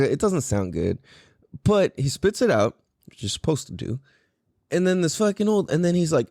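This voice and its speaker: Man, 30s, podcast host. Lively, swinging delivery, slightly raised pitch, dry close sound. Casual and profane. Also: normal speed, dry recording. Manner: animated, profane, laughs often. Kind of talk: casual storytelling.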